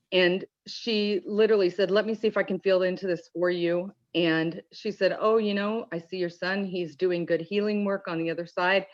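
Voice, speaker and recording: A woman giving an emotional personal testimony in an earnest, halting way with many restarts, choked up at times. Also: fairly low pitch, dull audio. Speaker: call-in participant.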